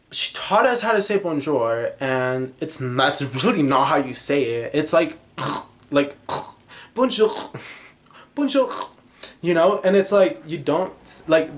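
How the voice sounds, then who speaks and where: Giggly, tangent-prone young man. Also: fairly high pitch. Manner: tangent-prone, giggly, animated, lots of fillers. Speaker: podcast host. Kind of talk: rambling casual monologue.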